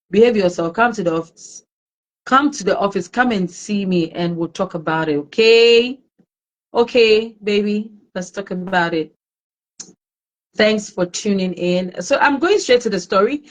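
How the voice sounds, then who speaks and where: A woman hosting a live-streamed talk show, greeting viewers by name and chatting in a warm, emotional way. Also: mid-range voice, moderate pace, rough recording. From Ghana. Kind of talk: casual live-stream chat.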